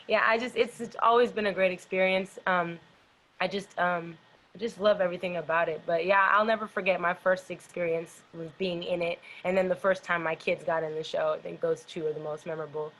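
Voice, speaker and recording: A woman's voice: lowish voice, fairly even intonation, fairly quick, a bit bright, rough recording. A middle-aged woman being interviewed about her dance company, telling stories in a loose, rambling way with lots of fillers. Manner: rambling, filler-heavy storytelling. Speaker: dance company founder, guest. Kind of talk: casual interview chat.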